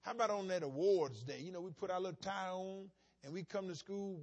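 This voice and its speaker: A man in the pulpit with a fairly high, husky voice, preaching a sermon. He drops into soft, chatty asides, then climbs to loud, shouted emphasis. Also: fast. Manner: preaching with sudden shouted rises and quiet asides. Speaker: pastor.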